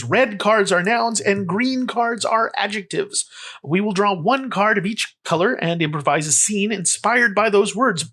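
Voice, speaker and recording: A man's voice: high-pitched, animated, moderate pace, pushed and bright. A man hosting a comedy podcast, rambling playfully with lots of fillers. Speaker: podcast host.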